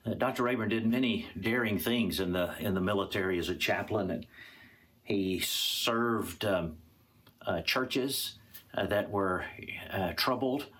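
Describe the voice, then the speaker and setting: A male pastor delivers a sermon in an earnest, deliberate way, often repeating a phrase before he moves on. His voice sits low and carries a slight husky texture. He alternates between plain explanation and reading scripture aloud. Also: a bit bright. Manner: earnest, repeats words for emphasis.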